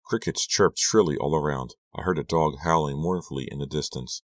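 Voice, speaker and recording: A man with an extremely deep voice narrates an audiobook in steady, measured storytelling. The sound is close and completely dry, with no room echo. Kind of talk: scripted narration.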